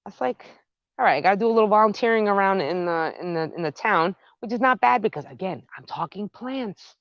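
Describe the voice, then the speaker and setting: A woman's voice: medium pitch, fairly quick, no room sound, lo-fi sound. A woman with a North Jersey accent, chatting casually with live viewers while she works in her outdoor garden. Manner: chatty, excitable, talks to viewers. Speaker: gardening vlogger, live stream host.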